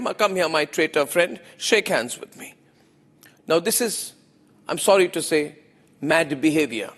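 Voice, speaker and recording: A man's voice: high-pitched, a bit bright, big-room sound. A man with an Indian English accent, delivering an opinionated TV news monologue as anchor, emphatic and repeating phrases for effect.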